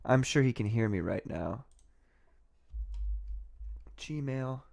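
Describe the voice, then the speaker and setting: A man's voice: medium pitch, lively intonation, slow, vocal fry, a little mellow. A man hosting a casual livestream, rambling and sarcastic, often breaking into laughter. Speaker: livestream host.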